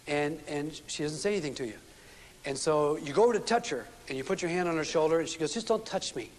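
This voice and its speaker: A man's voice: fairly high pitch, fast talker, darkish tone. A man giving a seminar talk on relationships to a live audience, telling stories and acting out the dialogue in them. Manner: storytelling, acts out quoted dialogue. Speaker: relationship speaker. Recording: long reverb from a hall, faint noise.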